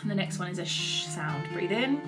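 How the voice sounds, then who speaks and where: A woman leading a vocal warm-up lesson, gently encouraging and often saying "lovely.". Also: fairly low pitch, lively intonation, moderate pace. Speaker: singing teacher. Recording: guitar music behind the voice.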